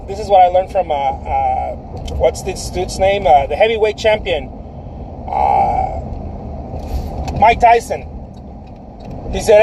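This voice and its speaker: A man's voice: high voice, mellow, slight background noise. A man, a painter, giving emphatic career advice in a casual livestream, repeating his phrases and calling the listener dude.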